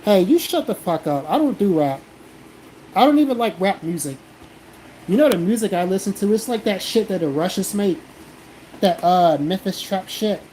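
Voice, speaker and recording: A blunt streamer from South Carolina answers his chat in a casual, defensive way, swearing freely. His high, expressive voice has a dark tone, a moderate pace, and long pauses, with poor audio and a faint background hum.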